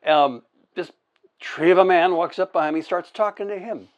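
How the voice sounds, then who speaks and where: A man telling stories on a podcast in a casual chat. He acts out sound effects, shouts the lines of people he quotes, swears freely and often restarts his sentences. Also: sits high, moderate pace, highs cut off. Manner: animated anecdote-teller with sound effects, shouted quotes and laughter; profane, full of restarts. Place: indoor podcast set.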